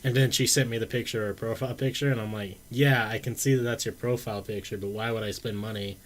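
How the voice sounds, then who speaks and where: A man's voice: lowish voice, fairly even intonation, fast talker. A young man co-hosting a podcast, telling stories in a laid-back, amused way. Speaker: podcast co-host reading chat comments. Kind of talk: casual podcast chat.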